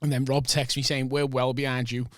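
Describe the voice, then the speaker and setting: A man's voice: medium pitch, flat delivery, a little fast, fairly bright tone, no room sound, clean studio sound. A man, joking and laughing through sweary podcast banter. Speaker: podcast co-host. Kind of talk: casual chat.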